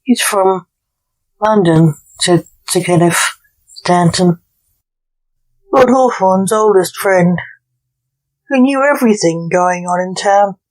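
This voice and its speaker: A woman's voice: mid-range voice, takes it slowly, pauses often, darkish tone, low-quality recording. A woman narrating a historical romance story aloud as a storyteller.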